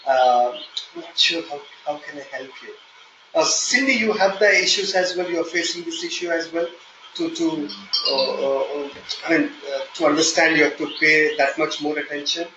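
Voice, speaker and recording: A man with an Indian accent teaching a live online software testing class, explaining step by step and checking in with "okay?". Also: a little high, normal speed, roomy sound, dull audio, noisy background. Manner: explanatory, repeats "okay?" often, hesitant fillers when flustered. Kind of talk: live online training session.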